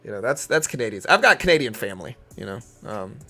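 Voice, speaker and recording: A man's voice: lowish voice, very animated, quick pace, sharp tone, soft background music. A young man from Louisiana with a Southern accent, chatting casually and giving live market commentary. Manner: laid-back, chatty, uses lots of fillers. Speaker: live stream trader.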